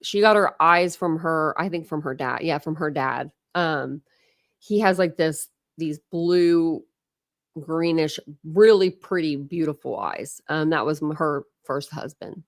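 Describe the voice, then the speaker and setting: Middle-aged woman, chatty livestream host, gushing and rambling, low-pitched, dry recording. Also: measured pace, no echo. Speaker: livestream host showing family photos. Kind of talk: casual livestream chat.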